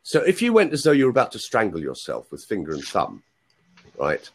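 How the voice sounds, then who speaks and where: A man coaching someone on a video call, his voice a little husky from a cold. His pitch is lowish but moves around a lot as he explains. He keeps checking in with "right?". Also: wildly swooping pitch, a little fast. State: has a cold, coughing.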